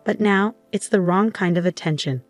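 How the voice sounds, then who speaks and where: A calm, frank businessman speaks plainly and reassuringly, read by a woman narrator. The voice sits a little low. Faint music plays underneath. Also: normal speed, lightly acted. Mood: serious. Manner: serious, then reassuring.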